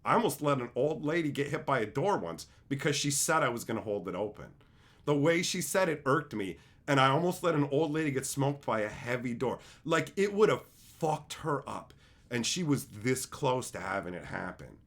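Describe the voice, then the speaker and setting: A man ranting casually on a livestream, blunt and heavy on the swearing. His pitch rises and falls a lot as he tells stories in a combative way, and his voice sits in a middle range. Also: expressive, normal speed, a bit bright. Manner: profane, blunt, combative storytelling; acts out quotes with big swings in voice. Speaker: streamer and show host.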